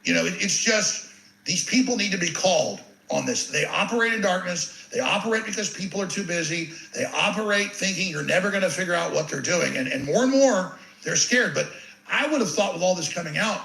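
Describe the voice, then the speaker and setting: A man's voice: high-pitched, lively intonation, a little fast, vocal fry, sharp tone. A man giving an impassioned monologue as an interview guest, intense and ranting, often stumbling on repeated words as he pushes ahead. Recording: roomy echo.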